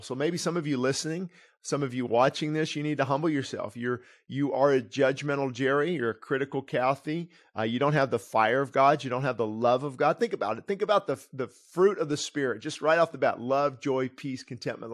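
A middle-aged pastor with a mid-range, fairly bright voice reads aloud from his own book in sermon fashion, adding commentary. He's earnest and digressive, often breaking off mid-sentence to start again.

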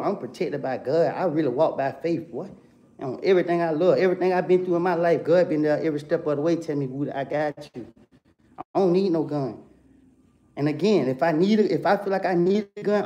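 A young man ranting heatedly into a livestream, calling someone out and circling back to "bro" and "come on, man" again and again. His voice sits a little high for a man, with a warm, dark-toned mellowness under the confrontation. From Atlanta, USA.

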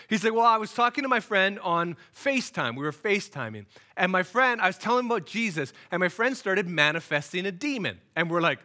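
A man preaches in a bright, ringing voice that climbs and drops all through his stories. He slips into the voices of the people he is quoting, so the sermon feels like a story told aloud in church. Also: high voice. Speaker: guest speaker. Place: church, recorded for online worship.

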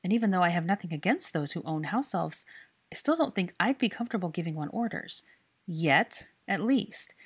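A woman voicing a young woman who explains her views calmly and patiently. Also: fairly low pitch, normal speed, slightly rough. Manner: calm, explaining. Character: young woman, hurt but calm and thoughtful.

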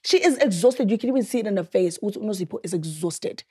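Husky-voiced South African woman host. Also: mid-range voice, fast talker. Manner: animated storytelling, acting out quotes. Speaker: podcast host. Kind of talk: casual chat.

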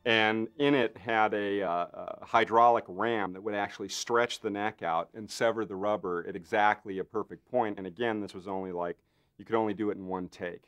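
A man's voice: on the low side, moderate pace, lo-fi sound. A man in an interview, a special effects artist telling a behind-the-scenes story with lots of fillers and acted-out voices. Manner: animated storyteller, acts out others' lines with lots of fillers. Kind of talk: anecdotal interview.

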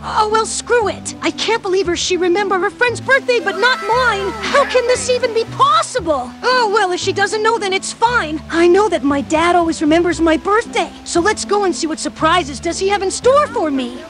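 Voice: animated, moderate pace, few pauses, fairly bright tone, soft background music. A voice actor playing an eager, whiny twelve-year-old boy in a game machinima who talks to himself. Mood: sulking. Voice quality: very high, squeaky childlike voice. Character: excited 12-year-old boy on his birthday.

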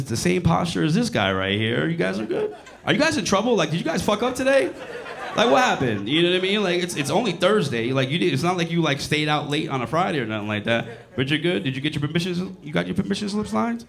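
A man in his late forties doing crude stand-up in a comedy club, swinging his pitch up and down as he tells his story. His voice has a gravelly rasp, and he keeps turning to tease the crowd. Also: brisk. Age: 40s. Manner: crude, animated storytelling with audience banter. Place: comedy club with live audience.

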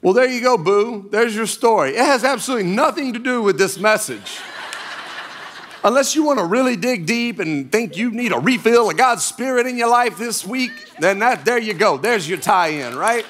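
A man's voice: sits high, expressive, normal speed, fairly bright tone, slight background noise. A middle-aged man preaching a sermon from a church stage, with folksy, humorous storytelling. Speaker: pastor.

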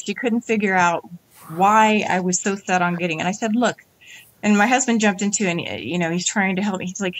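A woman's voice: medium pitch, fairly even intonation, fast talker. A middle-aged woman, an interview guest, telling her story candidly and animatedly, acting out quoted dialogue.

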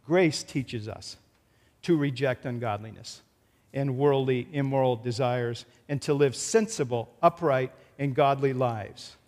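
A man's voice: medium pitch, measured pace, a little mellow. A man preaching a sermon as pastor in a church, earnestly retelling a film scene. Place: church sanctuary. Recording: church hall reverb.

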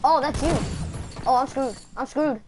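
A woman from Texas chatting casually while gaming, excitable and trash-talking with quick callouts. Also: high voice, a little hiss or hum. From Dallas, Texas. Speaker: gamer.

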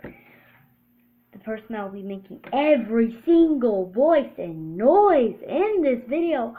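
A woman hosting a casual home vlog, excitable and lively, often dropping to quiet mutters. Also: on the high side, slow, phone-quality sound. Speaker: vlog host.

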